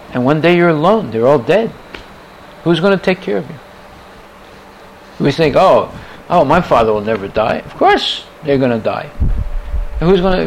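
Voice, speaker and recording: A man's voice: on the high side, gravelly, slight background noise, low-quality recording. A man giving a scripture lecture to a class, reciting verses and driving his points home with repeated rhetorical questions. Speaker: spiritual teacher giving a class.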